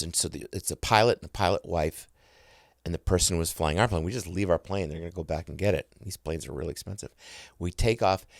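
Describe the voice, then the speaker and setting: Man, middle-aged, podcast guest, lowish voice, dry close sound, animated storytelling, self-interrupting. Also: no room sound. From United States.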